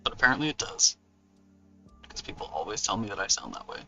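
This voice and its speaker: A man with a Californian accent chats loosely with his viewers, thanking them and laughing between thoughts. His voice is bright and forward. The mic sits at a distance and sounds dull and lo-fi, with faint music behind. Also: on the low side, huge pitch swings, quick pace, vocal fry. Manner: chatty, rambling, laughs often, thanks viewers. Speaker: author hosting a book launch livestream. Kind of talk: casual livestream chat with viewers.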